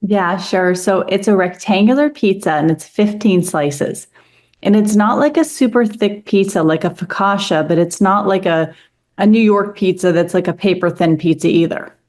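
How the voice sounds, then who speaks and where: A woman's voice: medium pitch, moderate pace, a little mellow. A woman guest in a casual interview, talking in an easygoing, chatty way.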